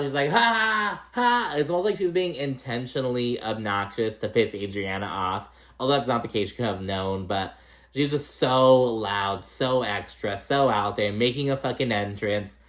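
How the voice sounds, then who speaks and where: A man's voice: mid-range voice, fairly bright tone. A young man hosting a casual reality TV recap, talking in a chatty, gossipy way and swearing freely. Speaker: recap host.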